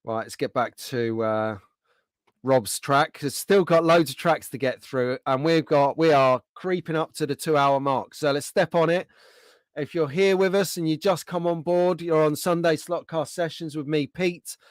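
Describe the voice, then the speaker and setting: A friendly man hosts a casual livestream and chats easily with his viewers. His voice sits a little high for a man. The sound is dry and close, with no room around it. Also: moderate pace, no room sound. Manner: chatty, friendly, reads out viewer comments. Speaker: livestream host.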